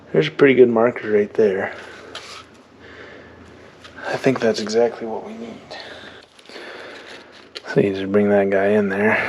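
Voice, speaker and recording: A young man with a lowish voice talks slowly through an engine rebuild, thinking out loud as he goes. Clanking tools and shop noise sit clearly behind him. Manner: thinks aloud while working, plain-spoken and relaxed. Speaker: mechanic rebuilding a diesel engine. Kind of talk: hands-on how-to narration.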